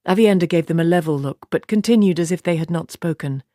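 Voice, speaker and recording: A woman narrating an audiobook in an even, steady storytelling voice. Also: fairly low pitch, fast talker, dry recording, studio quality.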